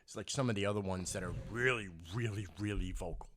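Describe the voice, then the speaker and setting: A man co-hosting a casual podcast chat, an animated storyteller who laughs loudly and swears freely. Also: lowish voice, fast talker, a little hiss or hum. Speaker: podcast co-host.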